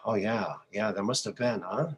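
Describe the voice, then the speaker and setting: A man hosting a podcast, telling personal stories in a casual, animated way and acting out the people he quotes. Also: on the low side, moderate pace. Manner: animated storyteller who acts out quoted voices. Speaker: podcast host. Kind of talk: casual conversational storytelling.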